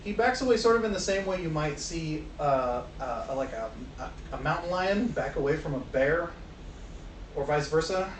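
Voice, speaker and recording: A man narrating as game master of a tabletop game, with a somewhat high voice. He rambles and hesitates, full of restarts. The sound is roomy and picked up from a distance, with a faint hiss behind. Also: expressive, normal speed. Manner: rambling, hesitant, lots of fillers.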